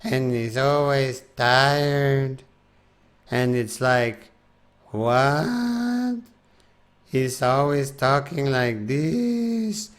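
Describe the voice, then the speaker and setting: A man chatting casually on a live game stream with unhurried, self-mocking banter. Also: mid-range voice, clean tone.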